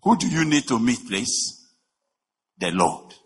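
A man preaching a sermon, emphatic, with rhetorical questions, swinging between shouting and a low voice. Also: very animated, takes it slowly, a little hiss or hum. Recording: long reverb of a large hall.

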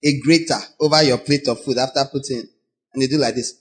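A man with a Nigerian English accent preaching a sermon as pastor, animated, acting out voices with sudden shouts. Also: mid-range voice, quick pace.

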